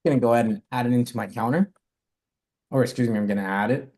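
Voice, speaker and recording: A man's voice: medium pitch, fast, a little mellow. A man teaching a live coding lesson, talking through his code step by step and correcting himself as he goes. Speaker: coding instructor.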